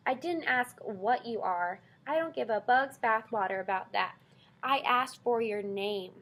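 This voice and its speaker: Casting: woman voicing cranky old storybook porcupine, scornful, bellows insults, a touch high. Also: measured pace, a bit bright. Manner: scornful, bellowing, name-calling. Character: grumpy old male porcupine, insulting and gruff. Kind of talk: audiobook reading.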